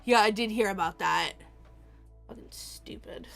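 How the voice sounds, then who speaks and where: A woman's voice: mid-range voice, a little slow, creaky. A woman streamer chatting casually and profanely while playing, with faint music behind. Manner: profane, animated, laughing often. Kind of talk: casual gaming stream chat.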